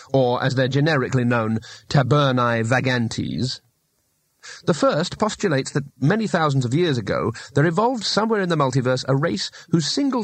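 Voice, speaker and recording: A man's voice: mid-range voice, dry recording. A man narrating a comic fantasy audiobook in a dry, wry storytelling manner. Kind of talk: scripted narration.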